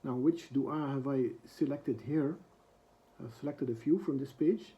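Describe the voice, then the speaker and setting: A man giving a reflective book lesson, reciting quoted prayers quickly and then translating them slowly, with frequent soft hesitations. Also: mid-range voice, highs cut off.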